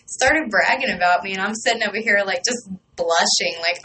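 Woman, radio host, excitable, rambling, casual chat, faint hiss. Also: mid-range voice, brisk, hardly any pauses, poor audio.

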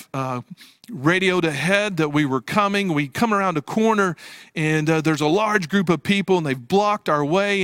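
A man's voice: high voice, a bit bright, dry recording, clean studio sound. A man preaching a sermon as pastor, telling a personal story earnestly with frequent restarts and fillers.

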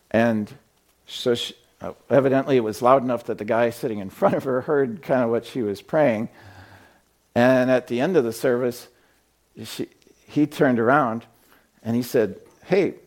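Guy preaching in church, chatty, lots of uhs, medium pitch. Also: a little mellow. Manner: conversational storytelling with frequent fillers. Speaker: pastor. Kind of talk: sermon. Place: church sanctuary.

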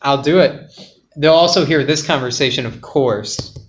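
A man hosting a podcast quiz game, joking and laid-back in casual chat, sometimes trailing off quietly. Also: mid-range voice, normal speed.

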